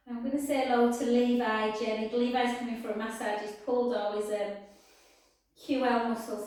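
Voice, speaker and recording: A woman leads a pilates class, her high voice unhurried and soothing. She speaks slowly and gently, sighing her praise. She sounds far from the mic in a very echoey studio. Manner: soft, slow, soothing cues with sighs of "oh, gorgeous". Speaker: pilates instructor.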